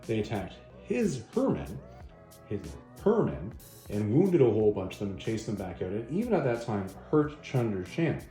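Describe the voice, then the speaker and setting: A man's voice: on the low side, big pitch swings, normal speed, dark tone, soft background music. A man hosting a video, casually recapping a comic story with rambling self-corrections. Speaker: video host, comic reviewer. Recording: echoey room.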